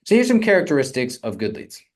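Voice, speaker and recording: A young man coaching on real estate funding in a casual, energetic teaching talk, often asking "right?". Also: on the high side, fast talker.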